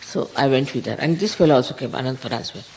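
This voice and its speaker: An older woman with an Indian English accent, a spiritual teacher telling a story in an animated way, chuckling and quoting others. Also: extremely low pitch, fast talker, low-quality recording. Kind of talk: storytelling talk.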